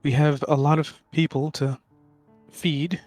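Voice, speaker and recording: An easygoing player speaking in character with a fairly high male voice. The sound is close and dry, with faint music behind him. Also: flat delivery, a little slow, darkish tone, dry recording. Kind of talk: playing a tabletop game.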